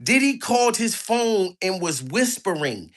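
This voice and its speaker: A man doing crude, animated commentary on a live stream, hyping up his chat. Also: high voice, a little slow.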